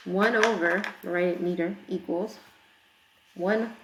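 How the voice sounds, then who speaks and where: A woman's voice: on the low side, vocal fry, background noise. A woman teacher working through a math problem in a recorded lesson, chatty and explaining step by step with frequent checks for understanding. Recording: echoey room.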